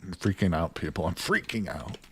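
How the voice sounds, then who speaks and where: Man streaming a survival game, fairly low voice, jokey, excitable, chats to viewers, keyboard typing at the desk. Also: fairly quick, slightly rough. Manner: excitable, jokey, talks to viewers, swings between mutters and outbursts. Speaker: gaming streamer. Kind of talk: live gameplay commentary.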